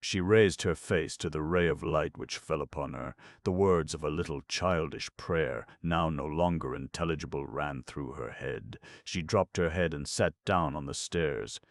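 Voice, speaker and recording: Deep gravelly narrator, solemn slow read, close dry studio mic, suits a classic novel. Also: male voice, no echo. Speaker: audiobook narrator. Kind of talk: scripted narration.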